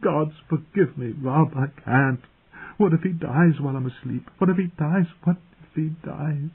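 A man voicing a grief-stricken noble mother with a high, strained, pleading delivery, read for an audiobook. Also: a little slow, breathy edge. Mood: frantic. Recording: tinny phone-like audio.

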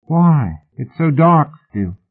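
A man's voice: on the high side, sing-song, slow pace, pitched above the performer's own voice, full character voice. A male reader voicing a tired, tipsy young woman who coaxes and wheedles, in an audiobook. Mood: pleading. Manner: wheedling, coaxing. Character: drowsy coaxing young woman of the night. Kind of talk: audiobook character voice. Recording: husky voice on a tinny phone-like line.

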